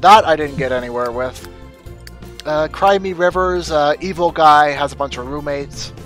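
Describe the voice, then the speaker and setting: Man, fairly high voice, wry, blunt, casual stream chat, soft music behind. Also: normal speed. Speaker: streamer host.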